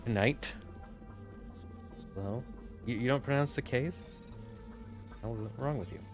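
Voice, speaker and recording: A man's voice: medium pitch, a little slow. A man streaming a game, chatting casually and joking crudely with his chat. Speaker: gaming streamer. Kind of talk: casual let's-play commentary. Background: game music.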